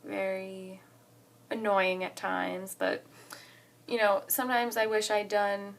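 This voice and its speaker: A young woman in her twenties telling a story to the camera in a casual vlog, excited and chatty, saying "like" often. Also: mid-range voice, slow, gravelly. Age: 20s. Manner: excited and chatty, heavy use of "like". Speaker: college student vlogger.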